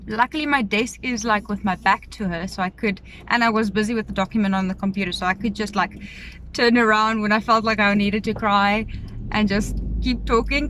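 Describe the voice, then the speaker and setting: A South African woman talks into her phone camera from her car, her voice bright and forward and a touch high. She speaks in a casual, confessional way, emotional and rambling, often restarting her sentences. A faint vehicle hum sits underneath. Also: low-quality recording. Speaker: vlogger. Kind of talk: casual confessional vlog while driving.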